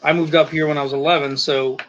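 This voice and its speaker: A man's voice: fairly high pitch, level tone, fast talker, a little hiss or hum. A man from Alabama with a Northeastern US accent, hosting a casual chat and trading joking jabs. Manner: teasing, joking banter. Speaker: channel host. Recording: muffled lo-fi sound.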